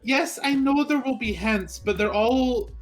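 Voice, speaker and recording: A man's voice: extremely high pitch, measured pace, soft background music. A man co-streaming a game, chatting casually and picking apart the plot's logic while chuckling often. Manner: critical, picks apart plot logic. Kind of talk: casual chat.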